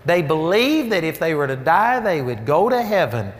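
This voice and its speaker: A man's voice: on the high side, big pitch swings, moderate pace. A man preaching a sermon, emphatic and storytelling, his voice rising for key points. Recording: long reverb of a large hall.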